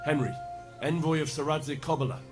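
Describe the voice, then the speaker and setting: A man playing a quick, earnest young envoy. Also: fairly high pitch, loud music behind the voice, lightly acted. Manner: direct, businesslike.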